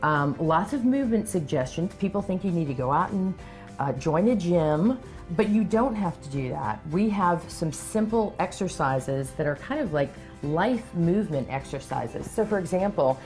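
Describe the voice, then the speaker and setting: A woman's voice: lowish voice, animated, moderate pace, darkish tone, soft background music. A woman talking as a guest on a cooking show, chatty and enthusiastic, with frequent ums and you-knows. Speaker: guest from a diabetes website. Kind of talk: casual chat on a cooking show. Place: studio kitchen.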